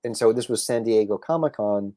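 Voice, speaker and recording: A man, a comic book writer and guest on a casual podcast interview, telling stories with lively acted-out quotes and many restarts. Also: on the low side, a little fast, no echo, clean studio sound. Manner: animated storyteller, acts out quotes, frequent restarts.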